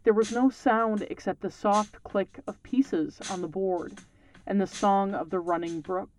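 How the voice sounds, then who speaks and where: A podcast host reading a folktale aloud and reflecting on it in measured, scripted narration. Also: mid-range voice, darkish tone, slight background noise.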